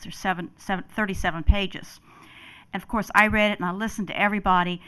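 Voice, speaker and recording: A woman's voice: fairly low pitch, fairly bright tone. An older woman testifying at a public hearing, emphatic and emotional, often repeating herself.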